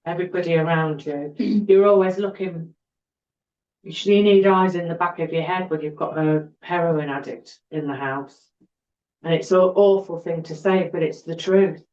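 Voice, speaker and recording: A woman's voice: lowish voice, moderate pace, darkish tone. A middle-aged woman, a podcast guest telling her personal story in an earnest way and repeating words for emphasis. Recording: roomy, dull-sounding recording.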